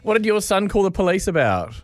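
A man's voice: high voice, very animated, fast talker, no echo, clean studio sound. A man with a New Zealand accent hosting a radio show, bantering with callers in a jokey, matey way. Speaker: radio host. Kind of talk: casual radio chat.

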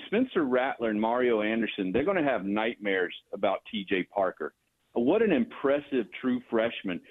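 Animated male caller on a phone line. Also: mid-range voice. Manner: animated, rambling, mocking. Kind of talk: sports talk radio call.

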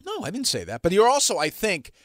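A man's voice: sits high, wildly swooping pitch, fast talker, fairly bright tone, dry recording. A man hosting a radio show from the studio, talking bluntly with a producer, teasing him and swearing freely. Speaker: radio host. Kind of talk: casual studio banter.

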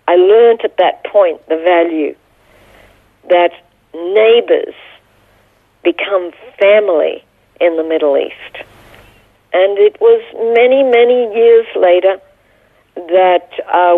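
A woman's voice: mid-range voice, no room sound. A middle-aged woman, a guest, earnestly telling a personal story in an interview. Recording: tinny phone line.

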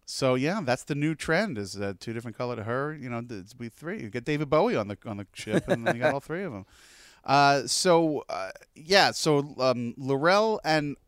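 A man's voice: mid-range voice, expressive, moderate pace, few pauses, dry recording, studio quality. A man co-hosting a podcast, chatting casually and rambling about a TV episode with lots of fillers. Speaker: podcast co-host.

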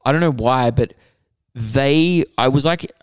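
A young Australian man, a comedian and podcast co-host, telling a story in an animated, swearing, act-it-out way. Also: mid-range voice, measured pace, smooth, no echo. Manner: animated, swears freely, acts out quotes.

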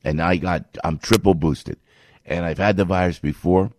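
A man's voice: low voice, fairly even intonation, moderate pace, no room sound, clean studio sound. An older man ranting in political commentary, rambling and exasperated, with frequent stops and restarts.

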